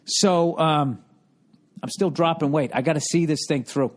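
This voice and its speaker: A man's voice: fairly high pitch, measured pace. A middle-aged man hosting a podcast, telling a rambling, swear-filled comic story with sarcastic exasperation. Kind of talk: casual comedic monologue.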